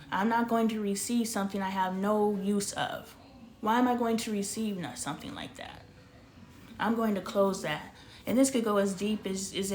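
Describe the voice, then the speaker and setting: A woman's voice: medium pitch, a little hiss or hum. A woman who makes online content and works as a spiritual coach, venting bluntly and swearing freely in a candid monologue.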